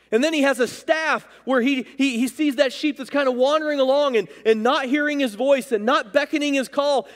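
A male pastor preaching a sermon, emphatic, swinging his voice up and down for stress, recorded in a church sanctuary. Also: very high voice. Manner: emphatic, rising and dropping for stress. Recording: long reverb of a church hall.

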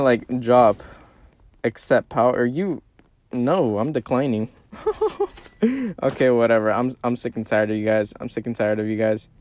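Young male gamer, mid-pitched, slangy trash talk, faint noise in the background. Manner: slangy, excitable, trash-talking other players. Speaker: gaming video creator. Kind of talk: casual gameplay commentary.

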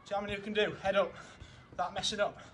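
A young man with a high, slightly bright voice coaches football drills in his garden, speaking fast in a flat delivery. He's upbeat and encouraging, counting down each set while out of breath, with slight background noise behind him.

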